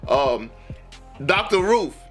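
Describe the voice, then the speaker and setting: A man's voice: high voice, big pitch swings, slow pace, fairly bright tone, faint music behind. A man hosting a reaction video, talking in a laid-back, slangy way and laughing often. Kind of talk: casual chat.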